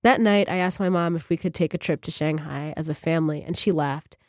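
A woman, a fiction writer, reading her own short story on a radio program in a measured, even way. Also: sits low, dry recording, studio quality.

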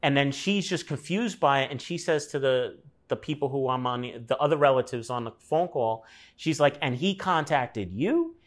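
Guy telling a long personal story, does the voices of people he quotes, swears a bit, mid pitch. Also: moderate pace. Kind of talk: casual storytelling.

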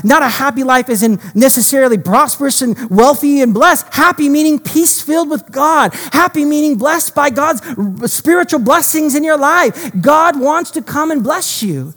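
A pastor preaching a sermon with impassioned storytelling, delivered in quick bursts with frequent restarts. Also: high voice, fairly bright tone, big-room sound.

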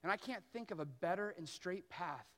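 A man in his thirties preaching a sermon as pastor, telling stories earnestly and slowing down on key phrases. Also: high voice, expressive, fairly bright tone.

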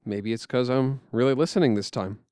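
A man telling a story in quiet, measured, scripted narration. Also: mid-range voice, clear, resonant tone, no room sound.

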